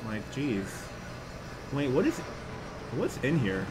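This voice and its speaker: Animated young man narrating gameplay. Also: medium pitch, slow pace, noisy background. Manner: animated, exclaims and yells at the game. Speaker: gaming YouTuber. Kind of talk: casual gameplay commentary.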